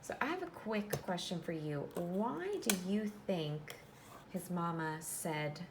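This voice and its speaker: A woman teacher giving a classroom read-aloud of a storybook, reading in a clear, instructive way and pausing to explain. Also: lowish voice, expressive, noisy background.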